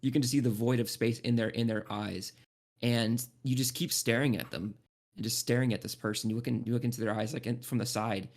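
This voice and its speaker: A male game master describes the scene in a loose, rambling way, stopping and restarting often. His voice is mid-pitched with a gravelly creak. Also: fairly even intonation, darkish tone. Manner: rambling, halting, many restarts and fillers. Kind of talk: narrating a tabletop game.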